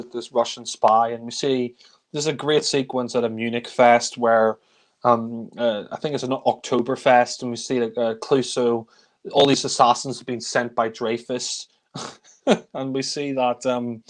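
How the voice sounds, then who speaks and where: A man reviewing films in a casual, rambling way, chuckling often and using many fillers. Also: mid-range voice. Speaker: film reviewer. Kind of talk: casual film discussion.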